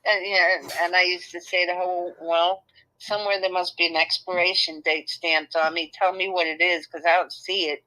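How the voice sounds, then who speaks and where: A woman's voice: lowish voice, flat delivery, normal speed, sharp tone, poor audio. An older woman with a Brooklyn accent, speaking bluntly and emotionally in a casual chat with her son, often repeating herself. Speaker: guest, host's mother.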